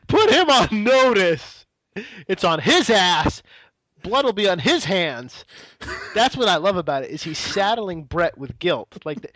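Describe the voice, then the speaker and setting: A man hosting a comedy podcast talks with lively, swooping intonation, bursting into laughter as he picks apart a clip. His voice is close and dry, with no room sound. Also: fairly high pitch, no room sound, muffled recording. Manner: animated, laughing, quotes others in mock voices. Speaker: podcast host. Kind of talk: casual comedy podcast chat.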